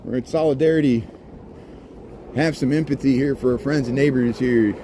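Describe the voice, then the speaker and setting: A middle-aged man from Indiana livestreams himself walking a city street at dusk, giving rambling, chatty commentary and greeting people as he passes. His voice is medium-pitched with fairly even intonation at a moderate pace. Street noise and traffic fill the background.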